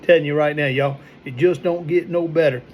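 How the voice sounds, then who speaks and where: A man's voice: a little high, fairly even intonation, a little fast, slight background noise. A man with a Southern US accent hosting a casual cooking vlog, folksy and drawling, with frequent exclamations. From Louisiana. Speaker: cooking channel host.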